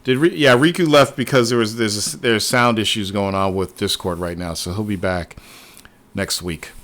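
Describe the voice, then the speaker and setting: A man hosting a casual livestream, talking excitedly and swearing often as he rambles to his viewers. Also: on the low side, moderate pace. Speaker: livestream host.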